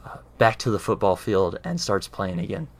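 Male speaker with a fairly low voice, earnest and conversational, explains ideas and often pauses to check in with his listener. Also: very animated. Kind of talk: casual explanatory talk.

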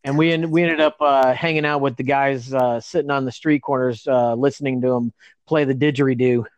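A man's voice: medium pitch, fairly even intonation, a little fast, clean tone, dry recording, muffled recording. A man reminiscing in casual chat, with many fillers.

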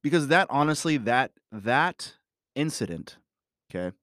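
In a casual monologue, a father tells a personal story about his family, rambling and emphatic, swearing often and leaning on "you know." His medium-pitched voice is fairly bright with big pitch swings and a slightly slow pace, in clean studio sound with no room tone.

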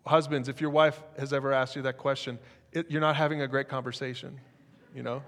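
A man preaching a sermon as pastor, in a lively, conversational way with jokes. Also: medium pitch, a little fast, big-room sound.

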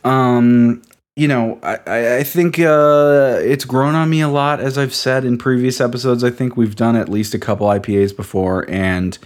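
A man co-hosting a casual beer review podcast, meandering through his opinions with wry, deadpan jokes. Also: mid-range voice, normal speed. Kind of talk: casual chat.

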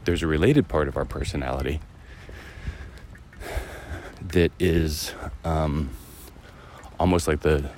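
A man with an extremely low, deep voice muses aloud in a casual, rambling monologue, full of fillers and restarts. He is out on a walk outdoors, with a faint hiss of noise behind him. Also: takes it slowly, long pauses, a little mellow. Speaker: podcast host. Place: outdoors, walking a dog through a neighborhood.

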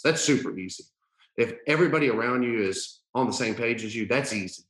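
A man's voice: fairly low pitch, a little fast, a bit bright, echoey room, poor audio. A man hosting a podcast, telling a personal story earnestly in casual conversation, with many fillers and restarts. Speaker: podcast host.

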